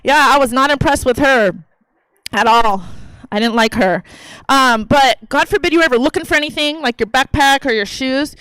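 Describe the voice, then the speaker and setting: A woman's voice: high-pitched, normal speed, fairly bright tone, clear, resonant tone, dry recording, low-quality recording. A woman in her thirties performing a profane, brash stand-up comedy set on a theater stage into a handheld mic. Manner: brash, profane, conversational delivery.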